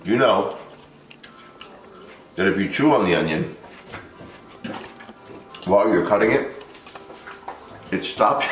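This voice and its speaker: A man's voice: on the low side, animated, slow pace, long pauses, reverberant. A man hosting a home cooking vlog, talking loosely and chatty to the camera and laughing often as he walks through the prep. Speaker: home cook vlog host. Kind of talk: casual cooking demonstration. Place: home kitchen.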